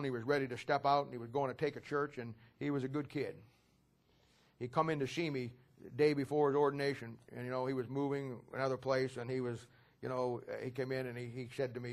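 A middle-aged male pastor telling stories from his own ministry during a sermon, building toward loud impassioned preaching. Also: medium pitch.

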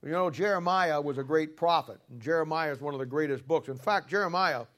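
A man's voice: a little high, brisk, fairly bright tone. Folksy man preaching a sermon. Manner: folksy storytelling, colloquial, emphatic. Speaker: pastor.

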